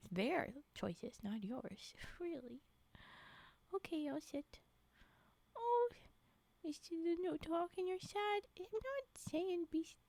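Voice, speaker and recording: A young woman streamer with a high, slightly mellow voice reads stories to her live chat, giggling, yawning and sleepy, reacting in exasperated disbelief. The recording is dry.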